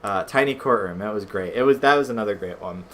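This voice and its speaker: A man's voice: on the low side, fast talker, fairly bright tone, slight background noise. A man hosting a let's play, chatting casually and rambling with lots of fillers and swearing. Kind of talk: casual gameplay commentary.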